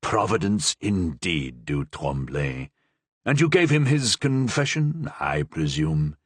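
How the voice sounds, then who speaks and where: A man voicing a shrewd, guarded older male cardinal in a storybook reading, speaking slowly and probingly. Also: sits low, very animated, husky, no echo, pitched below the performer's own voice, exaggerated voice. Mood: measured.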